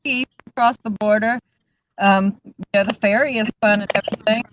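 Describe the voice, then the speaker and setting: A woman's voice: medium pitch, steady tone, a little fast. A woman co-hosting a livestream, chatting casually and laughing often. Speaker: co-host of a livestream. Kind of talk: casual group chat. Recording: dull lo-fi stream audio with faint hiss.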